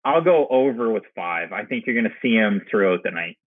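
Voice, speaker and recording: A man's voice: on the low side, expressive, brisk, dry recording, phone-quality sound. A man co-hosting a casual sports podcast, rambling and restarting his sentences. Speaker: podcast co-host.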